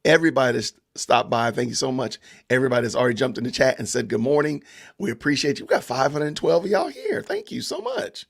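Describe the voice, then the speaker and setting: A man's voice: mid-range voice, quick pace, gravelly. A man with a Southern Georgia accent hosting a casual livestream podcast, chatting loosely with viewers and greeting the chat. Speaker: podcast host.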